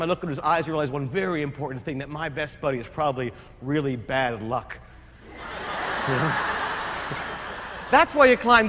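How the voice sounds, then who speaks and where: A man from New Jersey giving a keynote speech, telling an adventure story in an animated, comic way with acted-out shouts and asides. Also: high voice. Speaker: keynote speaker. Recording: long hall reverb.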